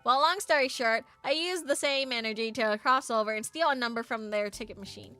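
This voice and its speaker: A woman's voice: on the high side, a little fast, pushed and bright, no room sound. A woman voicing a bumbling middle-aged male builder. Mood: rambling. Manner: rambling, flustered dialect storytelling. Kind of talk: voicing game dialogue for stream.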